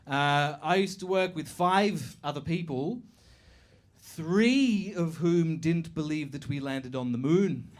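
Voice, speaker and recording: A high-voiced man performing stand-up on a club stage. He swears freely and slips into mocking impressions of strangers. His delivery is animated and loose, with the laughter of a live audience around him. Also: slow. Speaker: stand-up comedian. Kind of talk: stand-up comedy set.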